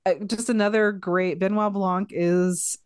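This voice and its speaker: A woman's voice: mid-range voice, steady tone, a little slow, a little mellow, smooth. A woman enthusiastically gushing about a favorite film on a podcast, giggling between thoughts. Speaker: podcast co-host. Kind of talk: casual movie chat.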